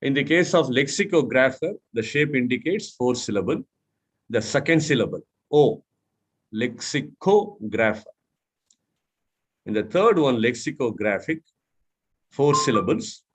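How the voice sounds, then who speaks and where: A man's voice: mid-range voice, animated, moderate pace, breathy edge. A man from India mentoring a club audience on syllable stress, who spells out letters, repeats words and asks the room questions. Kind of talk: instructional talk.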